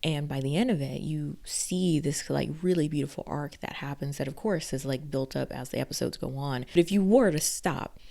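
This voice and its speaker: A woman's voice: deep voice, moderate pace, gravelly, mellow. A woman from the South, reviewing a TV series in a casual, gushing vlog. She talks emphatically, repeats her praise and says "like" often. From Southern United States. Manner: gushing and emphatic, leans heavily on "like".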